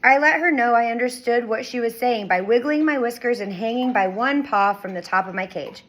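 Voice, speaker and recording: A woman reading a children's chapter book aloud with expressive storytelling. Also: a little high, fairly quick, poor audio. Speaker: reader.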